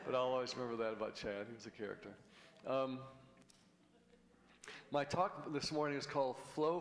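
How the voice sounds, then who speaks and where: Middle-aged male guest preacher, folksy storyteller, mid-pitched, reverberant sanctuary. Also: normal speed, long pauses. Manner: folksy, rambling, with frequent restarts. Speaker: guest speaker. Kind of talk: sermon with personal stories and jokes. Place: church sanctuary. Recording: long hall reverb.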